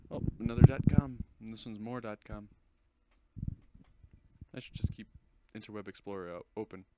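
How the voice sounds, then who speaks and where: A man's voice: lowish voice, normal speed, background noise. A young man giving rambling, goofy and self-deprecating commentary over a screen recording of his channel. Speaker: channel host.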